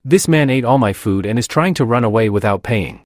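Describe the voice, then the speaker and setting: A man's voice: medium pitch, lively intonation, fairly quick, dry recording, studio quality, close to an everyday voice. A man voicing a desperate shopkeeper who pleads for help. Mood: pleading.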